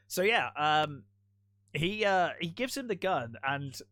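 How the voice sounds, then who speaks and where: A man's voice: a little high, very animated, takes it slowly, fairly bright tone, dry recording, clean studio sound. A man co-hosting a casual film discussion podcast, retelling scenes and swearing casually. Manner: retells scenes with acted-out quotes. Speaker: podcast co-host.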